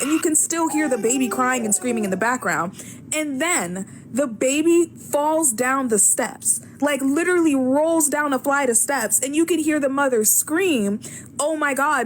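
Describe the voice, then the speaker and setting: A woman with a high, bright-pitched voice retells a story to her phone audience in plain, blunt talk. She swears freely and keeps checking in with the listener. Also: noisy background. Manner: blunt, animated, profane, asks "right?" often. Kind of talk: casual storytelling to camera.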